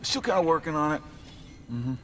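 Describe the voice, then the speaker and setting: A man's voice: on the high side, very animated, a little fast, a little hiss or hum. An actor playing a proud, wary male god leading rebels, with a mocking, sardonic manner. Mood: wry.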